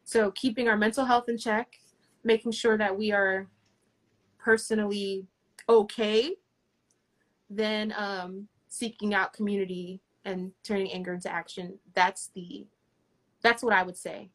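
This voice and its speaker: A woman's voice: medium pitch, level tone, measured pace. A woman answering as a guest in a livestream interview, earnest and encouraging, with restarts.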